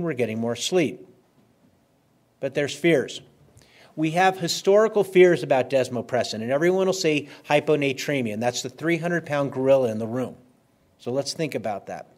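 A man's voice: a little high, darkish tone. Emphatic male doctor lecturing. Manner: conversational, emphatic, repeats key words. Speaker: physician lecturer. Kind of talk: medical lecture.

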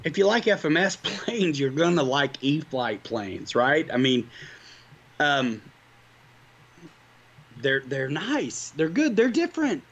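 Speaking slowly with long pauses, a male livestream co-host chats casually with viewers, upbeat and rambling about hobbies. His fairly high, fairly bright voice swings widely in pitch, and the recording sounds muffled.

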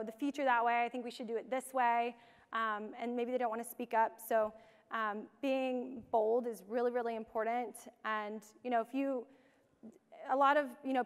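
Young woman giving a tech talk, kinda high clear voice, lots of um and you know, big echoey hall. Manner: casual, many fillers like um and you know. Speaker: conference speaker. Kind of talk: conference talk. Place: large conference hall. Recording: long hall reverb.

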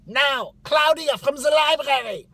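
A man voicing a stern, rigid woman who runs an orientation in a clipped, commanding, loud way. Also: very high-pitched, a little slow, pitched above the performer's own voice, exaggerated voice. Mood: stiff commanding.

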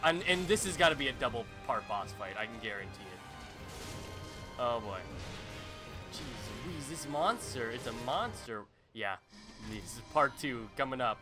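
A young man commenting on a boss fight as he plays, swinging from muttering to loud yelps and exclamations. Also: mid-range voice, animated, moderate pace. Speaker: gaming channel host. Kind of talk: excited let's-play commentary. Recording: game music underneath.

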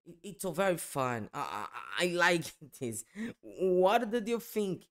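A man's voice: high-pitched, very animated, takes it slowly, fairly bright tone. A man hosting a reaction video, speaking hesitantly with repeated words and many fillers. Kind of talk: casual reaction commentary.

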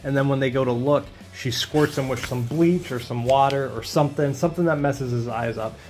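A man casually recapping a comic book issue for his channel in a relaxed, conversational way. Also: medium pitch, a little fast, soft background music.

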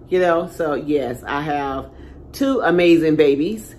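Older woman vlogger, homey and chatty, lowish voice, talks straight to her viewers. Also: a little slow, a little mellow, a little hiss or hum. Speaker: channel host. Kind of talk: casual talk to viewers.

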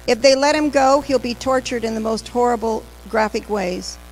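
Woman pastor, sermon, emphatic, slightly high voice, long hall reverb. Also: moderate pace, a little mellow, slight background noise. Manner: emphatic, questions the congregation directly. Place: large church hall.

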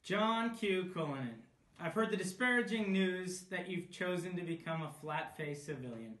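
A man's voice: high voice, expressive, normal speed, a bit bright, reverberant. A man giving a mock-grave, dryly humorous farewell message. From Canada. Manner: mock-grave, dry humour. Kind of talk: casual video greeting.

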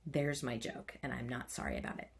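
A woman's voice: rumbling low, very animated, brisk, creaky, a little hiss or hum. A woman teaching a writing workshop. She chants the stressed beats aloud and adds playful, self-mocking asides. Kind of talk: online writing lesson.

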